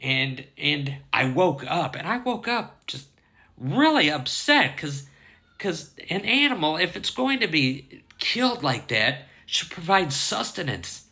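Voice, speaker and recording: A man with a very bright, fairly high voice tells a dream story in a casual way. His pitch swings widely as he gets worked up, and he swears constantly. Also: slow pace. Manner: heavy swearing, animated and indignant.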